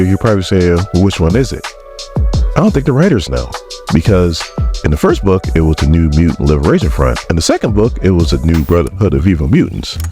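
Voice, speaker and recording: Man, very deep voice, lively pitch, chatty comic recap host, faint music behind. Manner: chatty, joking aside. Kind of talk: casual comic book recap.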